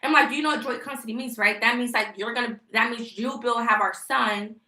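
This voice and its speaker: A woman's voice: fairly high pitch, fairly even intonation, a little fast, bright, forceful tone, roomy sound. A young woman venting emotionally on a casual livestream, rambling and indignant. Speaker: vlogger live-streaming.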